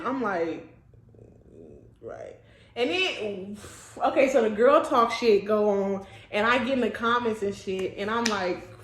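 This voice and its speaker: Young woman vlogger, casual storytime, crude and laughing, higher pitch, roomy echo. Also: slight background noise. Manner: blunt, profane, laughs often. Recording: echoey room.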